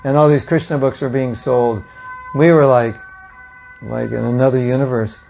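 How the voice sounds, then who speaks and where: Older man, gravelly voice, mid pitch, lively storyteller, talks to a gathering, animated quoting. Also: normal speed, muffled recording, faint music behind. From United States. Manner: animated storyteller, acting out quotes with laughs. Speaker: speaker at a devotional gathering. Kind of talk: storytelling talk to an audience.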